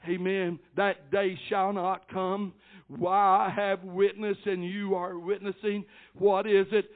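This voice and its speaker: An older preacher with a strikingly high voice delivers a fervent sermon, punctuating every few phrases with "amen" and building to shouted peaks. The sound is thin and tinny, like it came down a phone line. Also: male voice, little pitch movement, slow. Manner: fervent preaching cadence, peppered with amens, swelling to shouts. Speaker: pastor. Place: church service.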